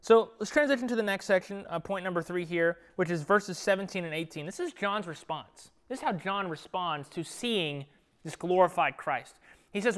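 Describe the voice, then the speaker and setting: A young man with a high-pitched voice leads a casual Bible study for a group in a classroom, speaking at a moderate pace. His manner is loose, conversational and lively, and at times he drops to a whisper.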